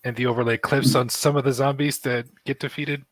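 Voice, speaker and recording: Calm gamer guy chatting, mid-pitched, super dry close sound. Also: dry recording. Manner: easygoing, tired, halting. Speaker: gamer and streamer. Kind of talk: casual chat.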